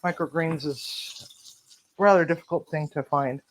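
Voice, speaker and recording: Blunt, animated home cook. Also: medium pitch, a little slow. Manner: animated, blunt, swears freely. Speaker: home cook and channel host. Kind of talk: cooking vlog with storytelling. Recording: noisy home recording.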